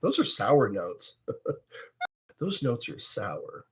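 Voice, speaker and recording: A man's voice: mid-range voice, big pitch swings, drawn-out words, over loud music. A man hosting a livestream, chatting casually and drifting from topic to topic with chuckles. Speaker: livestream host. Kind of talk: rambling casual livestream chat.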